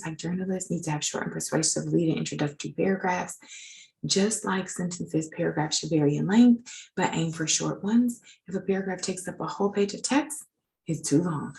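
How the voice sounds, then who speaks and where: A woman's voice: fairly low pitch, gravelly, a little mellow, rough recording. A woman teaching legal writing in an informal recorded lecture, chatty and self-deprecating as she edits her slides.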